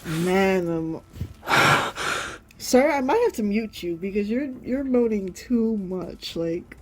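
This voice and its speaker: A woman's voice: mid-range voice, lively intonation, takes it slowly, darkish tone. A woman streamer reacting to a game, reading its lines aloud and gushing, often exclaiming and trailing off mid-sentence.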